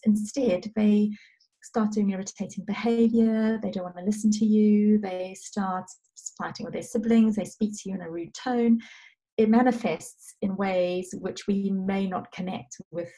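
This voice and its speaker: A woman in her thirties talks as a guest in a relaxed interview. Her voice is warm and mellow, and she sits at an ordinary middle pitch. She tells her story gently, stopping now and then to gather her thoughts. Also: poor audio. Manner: gentle storytelling with frequent pauses. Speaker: guest parenting expert. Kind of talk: casual interview talk.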